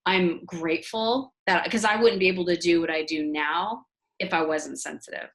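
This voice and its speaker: Hosting a casual interview chat, a woman in her forties tells a personal story in an animated way, acting out the voices of the people involved. Her voice sits at a fairly low pitch and moves at normal speed.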